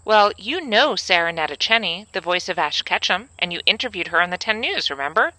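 A man voicing a perky, high-voiced female helper in a comic sketch. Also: expressive, fairly quick, bright, forceful tone, no echo, exaggerated voice, low-quality recording. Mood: helpful.

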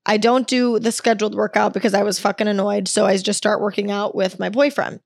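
A woman's voice: mid-range voice, fairly even intonation, brisk, vocal fry, dry recording, clean studio sound. A young woman hosting a solo podcast, telling a story in a candid, exasperated way and swearing freely. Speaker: podcast host.

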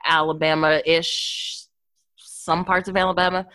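A woman, an actor and accent teacher, talking casually in an interview with emphatic, animated storytelling. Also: fairly low pitch, a little slow, no echo.

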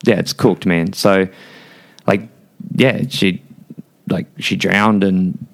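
A young man with a low, deep voice talks as a podcast guest. His speech is casual and unpolished, packed with "like" and "dude", and he swears bluntly as he tells a personal story. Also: fairly even intonation, slow, creaky. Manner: blunt, heavy swearing and filler words.

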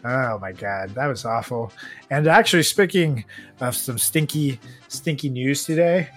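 A man co-hosting a casual podcast, swearing freely, laughing often and breaking into loud bursts. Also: mid-range voice, lively intonation, measured pace, soft background music. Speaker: podcast co-host. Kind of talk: casual crude comedy chat.

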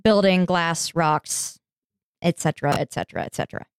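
A woman's voice: fairly low pitch, normal speed, clean tone, no room sound, studio quality. A woman hosting a podcast, telling a history story in a chatty, informal way and swearing casually. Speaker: podcast host.

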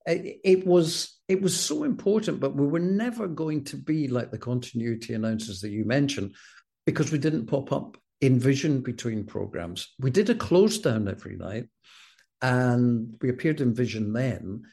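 A middle-aged Scottish man, a former broadcast announcer, telling stories with wry self-deprecating humour in a relaxed interview. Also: mid-range voice, moderate pace, creaky, slightly rough. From Scotland. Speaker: former television continuity announcer, guest.

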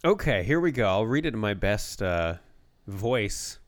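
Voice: mid-range voice, very animated, measured pace. A podcast co-host chatting casually from a basement, laid-back with dry humor. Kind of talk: casual chat.

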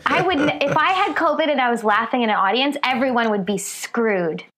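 Lively, laughing woman comedian guest. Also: on the high side, brisk. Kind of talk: casual podcast chat. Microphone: remote call.

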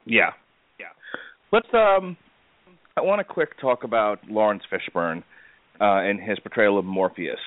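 A man with a low voice hosts a relaxed film chat, stopping and starting with plenty of fillers. His voice comes over a thin, phone-like line. The sound is dry, with no room around it. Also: no room sound. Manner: halting, lots of fillers. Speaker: podcast host. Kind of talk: casual film discussion.

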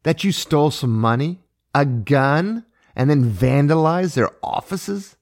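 Man putting on a high, upset mother. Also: animated, a little slow. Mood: outraged. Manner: pleading, exasperated. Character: distraught scolding middle-aged mother.

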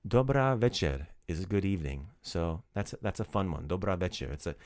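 A man's voice: low voice, animated, a little fast, darkish tone, dry recording. A man teaching a casual podcast language lesson, upbeat and playfully teasing his student.

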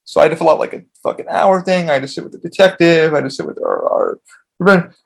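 On his own podcast, a man spins a long, rambling, profanity-filled story, frequently starting his sentences over. He talks quickly in a slightly high voice with vocal fry.

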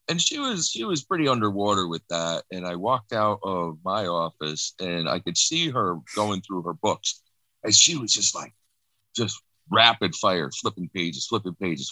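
A middle-aged man speaking haltingly and softly, with many restarts, as he recounts a personal loss. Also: deep voice, expressive, no echo, poor audio. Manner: halting, restarts, soft and reflective. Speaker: guest sharing personal loss. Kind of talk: emotional personal account.

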